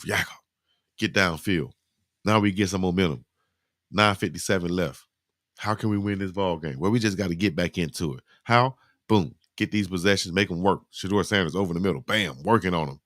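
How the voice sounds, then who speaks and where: A man hosting a live football highlight reaction, giving animated, slangy play-by-play and talking to his chat. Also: dry recording, clean studio sound. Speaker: sports reaction host.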